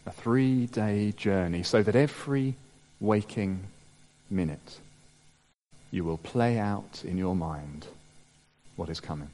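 Man preaching a dramatic sermon in a hall. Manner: dramatic, slowing to hushed low tones and rising to emphatic peaks. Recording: long reverb of a large hall.

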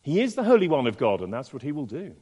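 A man preaching a sermon in an expressive way, asking the listeners many rhetorical questions. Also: medium pitch, quick pace, breathy edge. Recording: long reverb in a large hall.

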